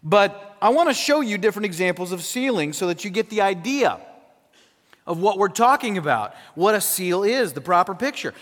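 A man preaching a sermon to a congregation, animated, checking in with his listeners as he goes. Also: sits high, normal speed. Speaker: pastor. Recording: long hall reverb.

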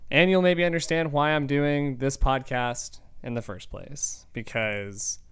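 A young man hosting his own podcast, talking in an earnest, reflective and measured way. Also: medium pitch, fairly even intonation, smooth. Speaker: podcast host. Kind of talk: casual monologue.

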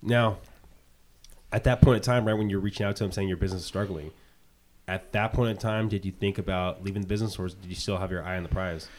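A man's voice: deep voice, steady tone, a little mellow. A man hosting an interview and asking follow-up questions in a casual way. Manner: quick, asks probing follow-up questions. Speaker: podcast host.

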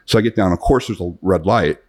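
Deep-voiced man in his fifties telling stories. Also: fast. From United States. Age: 50s. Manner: rambling, animated anecdotes with restarts. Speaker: guest, self-defense author. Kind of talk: storytelling in a podcast interview.

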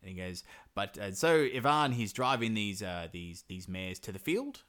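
A man, casually retelling a folk tale on a comedy podcast, rambling, swearing, and slipping into quick silly voices for the characters. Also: lowish voice, big pitch swings, a bit bright, clear, resonant tone.

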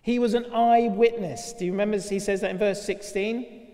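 A man's voice: high voice, fairly even intonation, moderate pace, dark tone. Male preacher, raised voice, conversational sermon with rhetorical questions; long church reverb.

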